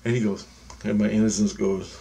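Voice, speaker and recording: A man's voice: lowish voice, steady tone, brisk, gravelly, dark tone. A man telling a long dream story in a casual, meandering, profane way.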